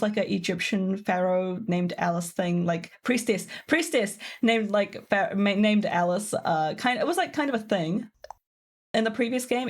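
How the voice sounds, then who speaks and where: A young woman streaming a game, chatting casually with viewers in a rambling, giggly way full of fillers. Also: medium pitch. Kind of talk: casual live-stream chat.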